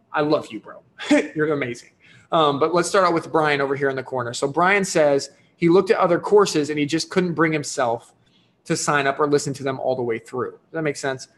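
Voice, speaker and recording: A man hosting a livestream sales pitch for his online course. He talks enthusiastically and pushily, often tagging "right?" and "here's the deal.". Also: fairly bright tone.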